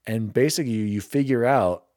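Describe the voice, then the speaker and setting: A young man hosting a casual gaming podcast, openly sentimental and quick to laugh at himself. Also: mid-range voice, darkish tone, no room sound, clean studio sound. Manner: emotional, self-deprecating, quick to laugh. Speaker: podcast host.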